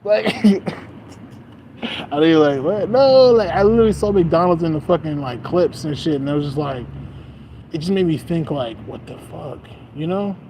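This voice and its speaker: A young man streams from beside a busy street, his fairly high, a little mellow voice animated at a moderate pace. He rambles through a casual monologue, swearing, laughing often and leaning on plenty of fillers.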